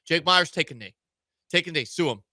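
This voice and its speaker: A man hosting sports talk radio from a studio, joking and animated, restarting his sentences often. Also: fairly high pitch, fairly quick, dry recording.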